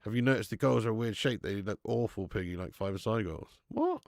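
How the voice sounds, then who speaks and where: A man hosting a live football watch-along, chatting in a sweary, jokey way and breaking into excited commentary. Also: on the low side, brisk, gravelly, no echo. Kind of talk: live match commentary and chat.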